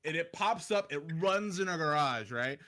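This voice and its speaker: Bright-voiced, animated storytelling man. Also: a little high, normal speed. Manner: animated, acts out voices in his stories. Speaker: podcast guest. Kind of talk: casual storytelling chat.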